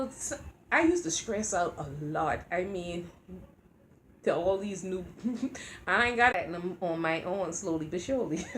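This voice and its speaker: A woman's voice: medium pitch, a little hiss or hum. A middle-aged woman vlogging in a rambling, heartfelt way about faith and everyday life. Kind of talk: casual chat.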